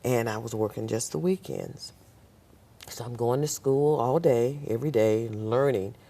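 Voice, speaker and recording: Really low gravelly woman, talk show guest telling stories about nursing school and family. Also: measured pace. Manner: animated, voices the people in her stories. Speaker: nurse. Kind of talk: personal storytelling.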